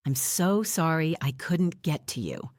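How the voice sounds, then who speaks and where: A woman's voice: low-pitched, lively intonation, a little slow, darkish tone, no echo, studio quality. A woman reading aloud, voicing a mother soothing her children. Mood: tender.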